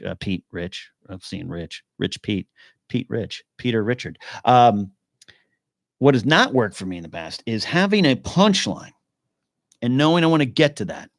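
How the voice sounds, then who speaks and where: A man hosting a live podcast in casual chat, answering questions from viewers as he goes. He rambles, restarts and thinks out loud, and his voice sits mid-range. The sound is dry and close. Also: medium pitch, no room sound. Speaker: podcast host.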